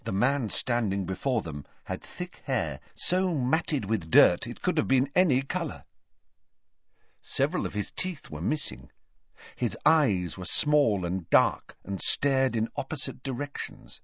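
Man, storybook narration, animated, dull lo-fi recording. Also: medium pitch, a little slow, no room sound. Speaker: audiobook narrator. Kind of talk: scripted narration.

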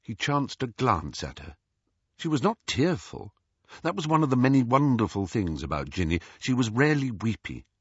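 Husky man narrating an audiobook. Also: medium pitch, big pitch swings, normal speed, dry recording. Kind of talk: audiobook reading. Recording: dull, slightly muffled dry audio.

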